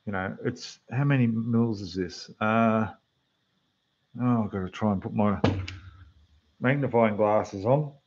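An Australian man chats loosely to his livestream viewers while building models, his voice lowish and a little rough. The sound is dull and lo-fi, and it fades a bit when he turns from the mic. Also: unhurried, long pauses, a little mellow, slight background noise. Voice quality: rough, losing its depth. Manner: chatty, rambling, talks to the chat while building. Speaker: scale model livestream host. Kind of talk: casual livestream chat. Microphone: desk microphone, quieter when turned away.

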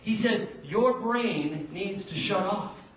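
A man preaching a sermon as pastor, telling a story with lively, animated delivery and acted-out dialogue. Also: high voice, takes it slowly. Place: church sanctuary. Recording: roomy, distant church recording.

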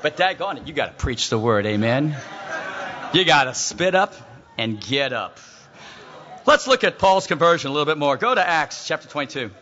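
A man preaching with a high, bright voice that leaps up and down as he acts out his stories. He keeps calling out to his listeners. The recording is dull, with a long echo from a large hall. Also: moderate pace. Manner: animated storytelling preacher, acts out voices, calls out to the crowd. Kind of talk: sermon.

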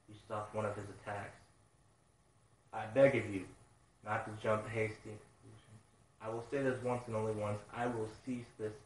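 A man voicing an arrogant, brutal male pirate boss, reading the lines low and quiet. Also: slight background noise, lightly acted. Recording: roomy sound, mic at a distance.

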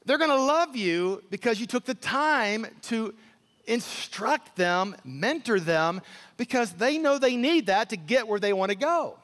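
Male pastor, high-pitched, emphatic preacher who repeats words and acts out voices, long hall reverb. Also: expressive, unhurried, a bit bright. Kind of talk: sermon.

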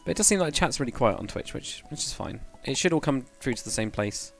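A game streamer with a medium-pitched, animated voice talks fast and chats casually, thinking aloud while building and answering chat. Soft music plays in the background.

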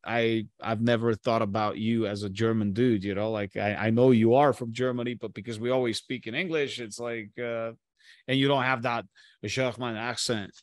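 A man's voice: medium pitch, steady tone, normal speed, slight background noise. A man hosting a podcast, talking casually and swearing freely, often stumbling and restarting. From Bulgaria. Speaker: podcast host.

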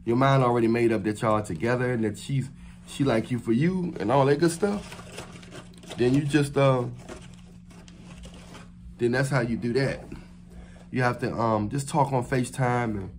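A man of middle pitch delivers an unscripted monologue to his camera, loose and rambling, full of fillers and restarts. His phrasing is slangy and conversational. A faint hiss sits behind his voice. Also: darkish tone. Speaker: vlogger giving dating advice.

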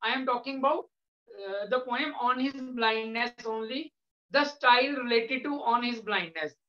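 A male English lecturer with an Indian English accent, patiently explaining to a class with frequent pauses. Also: extremely high pitch, pushed and bright. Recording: echoey room, dull lo-fi sound.

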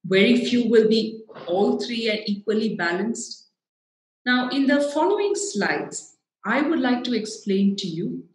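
A woman's voice: a little high, animated, a little slow. A woman with a South Indian English accent, giving a public talk in an earnest, explanatory way. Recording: echoey hall.

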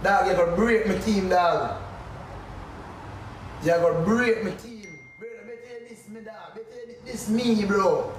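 A man with a Jamaican accent in a heated rant at a rival, repeating "bro" and "dog" as he presses his point. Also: sits high. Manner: agitated, repetitive, calls listener bro and dog. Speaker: streamer addressing a rival. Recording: echoey, distant mic, faint noise.

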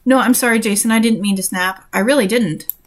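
A woman's voice: a little high, fairly quick, close to an everyday voice. A woman reading the lines of a moody, hurt teenage girl in a fan story. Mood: upset.

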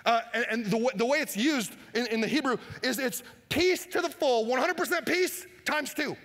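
A pastor preaching a sermon, animated, acting out Bible scenes and shouting for emphasis. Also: male voice, very high voice, normal speed. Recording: long hall reverb.

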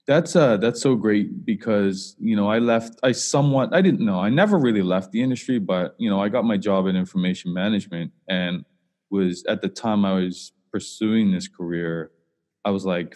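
A man hosting a podcast, relaxed and encouraging, with many hesitant fillers. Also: low-pitched, normal speed, big-room sound. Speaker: podcast host. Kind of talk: casual interview chat.

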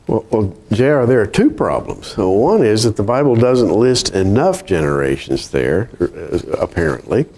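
A man co-hosting a Bible study conversation, measured in tone and reading scripture with emphasis. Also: fairly low pitch, lively intonation, dark tone. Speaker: Bible prophecy show co-host.

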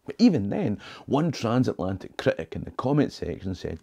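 A man's voice: lowish voice, sing-song, moderate pace, vocal fry, mellow, breathy edge. A Scottish man in his sixties, a history guide telling stories with dry jokes and Scots words, talking from a small home office. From Scotland. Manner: wry, joking storyteller sprinkling in Scots words. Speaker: history tour guide and channel host. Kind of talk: talking-head history video.

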